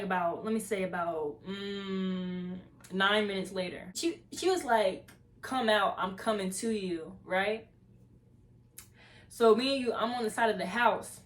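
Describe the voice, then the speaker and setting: A young woman vlogger telling a story casually and animatedly, acting out the voices of the people in it. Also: mid-range voice.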